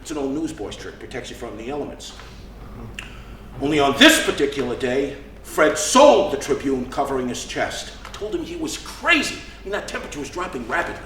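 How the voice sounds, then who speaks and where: A man's voice: medium pitch, big pitch swings, a little fast, fairly bright tone. A man playing a wry middle-aged gangster on stage. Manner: wry, lecturing and storytelling. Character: worldly middle-aged male Chicago gangster, fatherly. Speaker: stage actor. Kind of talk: live stage play. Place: theater stage. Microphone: distant room mic. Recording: roomy stage, distant mic, faint hiss.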